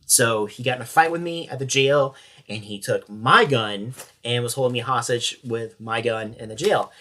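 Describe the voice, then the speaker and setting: A man's voice: medium pitch, a bit bright. Matter-of-fact man recounting a story. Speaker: sheriff's corporal, podcast guest. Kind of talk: interview storytelling.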